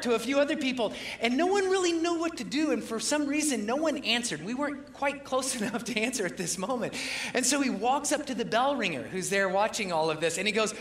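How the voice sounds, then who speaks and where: A man's voice: very high-pitched, lively intonation, fairly quick, a bit bright, echoey room. A man preaching a casual, humorous sermon as a pastor, telling stories with frequent chuckles and "uh" fillers. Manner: chatty and humorous, chuckles often, many "uh" fillers.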